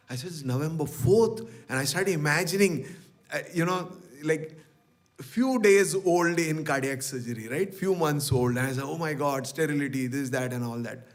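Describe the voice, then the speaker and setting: A middle-aged man, telling personal memories to a devotional gathering and acting out the dialogue he quotes. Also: medium pitch. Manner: animated storyteller, acts out quoted dialogue. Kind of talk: storytelling talk.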